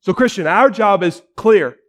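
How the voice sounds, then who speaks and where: High-voiced preacher, dramatic storytelling. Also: male voice, lively intonation, moderate pace. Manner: dramatic storytelling, drops to a hush for weight. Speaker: pastor. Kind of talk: sermon.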